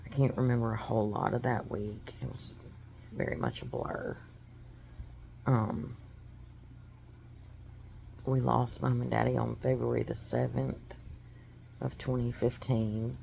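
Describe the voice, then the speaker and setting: A woman's voice: extremely low pitch, fairly even intonation, measured pace, creaky, pauses often, dark tone, a little hiss or hum. A woman giving a personal testimony, telling her story in an earnest, emotional way.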